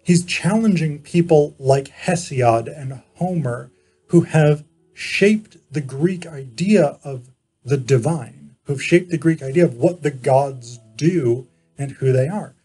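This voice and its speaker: Slow, husky-voiced man lecturing. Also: on the high side, warm tone, faint music behind. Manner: measured explaining, frequent pauses and self-corrections. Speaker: philosophy lecturer. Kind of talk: informal lecture to camera.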